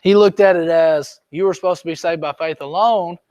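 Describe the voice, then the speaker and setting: Male teacher, high-pitched, chatty lecture style, close dry sound. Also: a little fast, darkish tone, clean tone, no room sound. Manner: conversational, checks on students often. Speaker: history teacher. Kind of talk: classroom lecture. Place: classroom.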